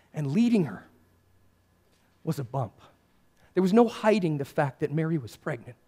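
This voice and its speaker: A male pastor giving a first-person character sermon, addressing listeners directly and swinging between hushed and raised passages. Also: a little high, breathy edge. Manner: speaks to listeners directly as "you" and "guys".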